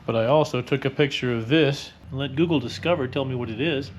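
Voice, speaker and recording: A man's voice: medium pitch, fast talker, slight background noise. Wisecracking older man tinkering with a bike. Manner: wisecracking, blunt, explains as he works. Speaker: motorcycle restorer. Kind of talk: casual how-to narration while working.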